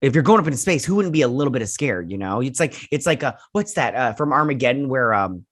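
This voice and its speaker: A man's voice: medium pitch, animated, fast talker, a bit bright, dry recording, clean studio sound. A man casually reviewing a TV episode, rambling with many fillers and acting out the characters' lines as he retells the plot.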